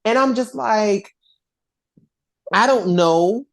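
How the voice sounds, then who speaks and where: This mid-range, slow-paced voice belongs to a podcast host in relaxed conversation, who rambles animatedly, keeps restarting sentences, and swears.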